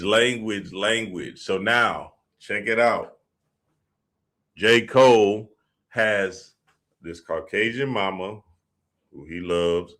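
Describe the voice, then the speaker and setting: Man, lowish voice, casual storytelling monologue, heavy slang and cursing. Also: pushed and bright. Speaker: podcast host.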